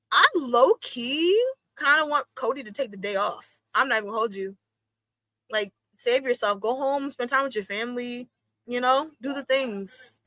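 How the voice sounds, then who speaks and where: A young woman chats slangily through a live watch-along, her voice fairly high and bright with a sharp edge. She keeps swooping up into excited exclamations. The sound is close and dry, with no room around her. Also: dry recording. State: itchy watery eyes from allergies. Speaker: streamer hosting a wrestling watch-along. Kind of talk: casual live-stream commentary.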